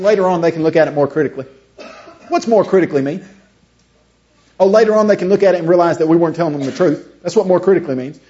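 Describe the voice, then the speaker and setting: A man's voice: high-pitched, mellow. A man giving a seminar talk, full of rhetorical questions and acted-out dialogues. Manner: storytelling, acts out both sides of imagined dialogues. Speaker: creationist seminar speaker. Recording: dull lo-fi recording.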